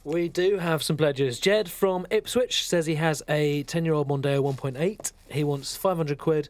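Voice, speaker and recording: An actor playing a deadpan, matter-of-fact male sidekick on a radio show. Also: fairly high pitch, unhurried, lightly acted.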